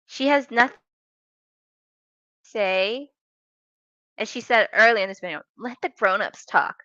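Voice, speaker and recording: A woman reacting to clips with a sassy, mocking, emphatic manner. Her voice is bright and forward, recorded dry with a slightly dull, lo-fi sound. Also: mid-range voice, a little slow, no room sound. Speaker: commentary youtuber. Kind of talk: reaction commentary.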